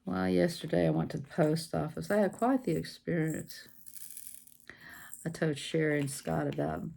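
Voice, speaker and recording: A woman's voice: low-pitched, fairly even intonation, normal speed, vocal fry, dark tone. A woman, hosting a casual craft livestream, hyper and giggly, chatting while she works on a diamond painting. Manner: giggly, sings silly made-up songs, animal noises.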